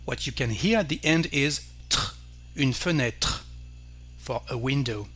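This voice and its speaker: A man with a French accent, a native French speaker, teaching pronunciation carefully and repeating each word slowly. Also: mid-range voice, lively intonation, fairly bright tone, husky. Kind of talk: slow pronunciation lesson.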